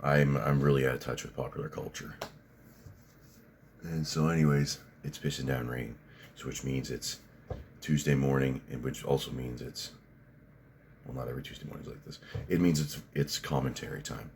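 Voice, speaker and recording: A man's voice: extremely low pitch, fairly even intonation, normal speed, darkish tone, a little hiss or hum. A man, rambling bluntly through a casual commentary vlog, swearing freely and restarting his sentences. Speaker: fitness vlogger.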